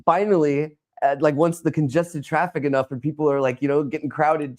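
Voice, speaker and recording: A man who is a streamer, talking as a guest in a casual interview and telling stories in an animated way. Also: on the high side, a little fast. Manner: animated storyteller, acts out dialogue.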